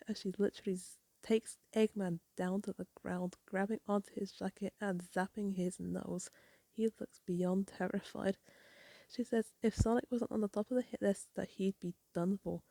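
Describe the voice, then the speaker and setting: A woman's voice: mid-range voice, steady tone, moderate pace, gravelly, mellow, no room sound. A woman hosting a casual, rambling comic recap, apologetic at times. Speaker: comic reviewer. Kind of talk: casual chat.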